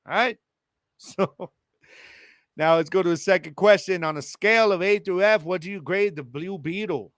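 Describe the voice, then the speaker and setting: A man hosting a casual solo podcast with a Chicano English accent, talking to his listeners in a lively, slangy way. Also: sits high, moderate pace, dry recording, clean studio sound. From El Paso, Texas. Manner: animated, slangy, addresses listeners directly. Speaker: podcast host.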